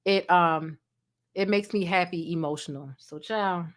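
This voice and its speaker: A woman's voice: on the low side, measured pace. A woman hosting a casual late-night livestream, speaking emotionally and directly to her viewers on a desk microphone. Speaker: celebrity gossip livestream host.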